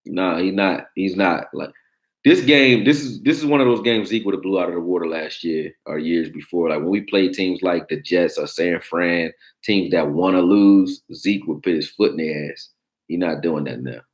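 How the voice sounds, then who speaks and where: Deep-voiced blunt sports talk host. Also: male voice, normal speed, darkish tone. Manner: blunt, profane, joking, reacting to chat. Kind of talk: casual sports talk livestream.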